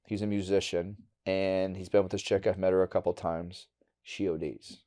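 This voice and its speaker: A middle-aged man from Wisconsin, a podcast guest telling a personal story candidly and bluntly, going quiet and halting on hard memories. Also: low-pitched, flat delivery. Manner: candid and blunt, with casual swearing.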